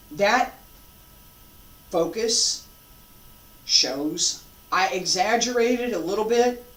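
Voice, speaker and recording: A martial arts instructor teaching a class, calling out breathing cues and checking in with casual "all right?" and "okay?" as they demonstrate. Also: medium pitch. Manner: calls out breathing cues slowly. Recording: roomy sound, distant from mic.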